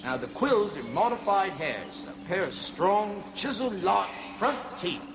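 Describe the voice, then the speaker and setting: An actor playing a fussy middle-aged jungle zoo host who exclaims a lot and talks in a chatty, overly polite comic manner. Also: male voice, sits high, animated, unhurried, vocal fry, over music, heavily acted. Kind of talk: comic kids' TV hosting.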